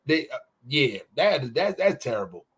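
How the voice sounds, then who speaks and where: A man co-hosting a casual morning podcast, talking in an animated, profane way and swinging his voice around when he acts out quotes. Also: mid-range voice, normal speed, breathy edge. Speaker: podcast co-host. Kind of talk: casual morning show banter.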